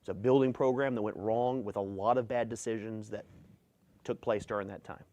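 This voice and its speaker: A man's voice: fairly low pitch, steady tone, fairly quick, dark tone, no echo. A middle-aged male pastor preaching a sermon, reading scripture aloud and driving his points home with emphasis.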